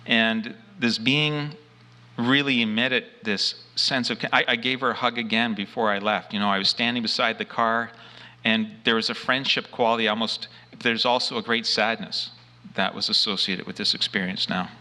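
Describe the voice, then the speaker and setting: A man's voice: on the low side, fairly even intonation, moderate pace, sharp tone. A man giving an emphatic first-person account of a frightening experience, acting out what he said at the time. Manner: earnest, emphatic storytelling; acts out his own quoted lines. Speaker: abduction experiencer.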